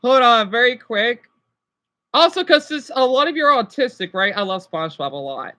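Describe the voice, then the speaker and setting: A woman's voice: on the high side, expressive, moderate pace, bright, forceful tone. A woman streaming live and chatting casually with her viewers.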